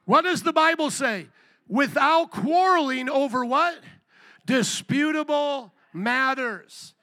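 A man preaching a sermon as pastor, animated and joking, firing rhetorical questions at the congregation. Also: very high voice, takes it slowly, dry recording.

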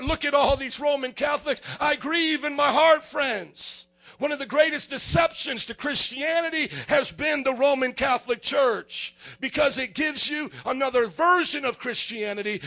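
High gravelly-voiced male preacher. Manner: emphatic, swings between shouting and quiet, asks the congregation questions. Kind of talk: sermon.

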